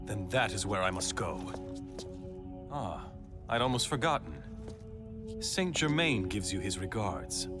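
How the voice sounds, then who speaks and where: An actor playing a grim male hero bent on vengeance in a video game dub, speaking in a solemn, measured way. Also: lowish voice, lively intonation, over music.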